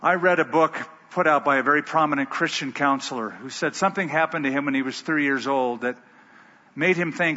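This pastor preaches a sermon through stories, delivering them emphatically in a brisk, bright, pushed voice on the high side. The hall he's recorded in sounds dull and echoey.

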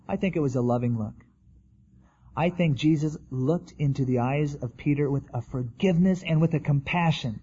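A man's voice: fairly high pitch, fairly quick, dark tone, slightly rough, highs cut off. A man preaching a sermon in a conversational way, acting out the quotes he tells. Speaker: pastor.

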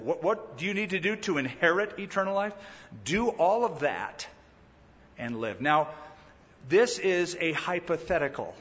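A male pastor delivers a sermon with a fairly high, very lively voice that swoops up and down as he acts out the people he quotes. The sound is somewhat dull, with a long reverb trailing off in a hall. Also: moderate pace. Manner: animated preaching that acts out quoted speakers.

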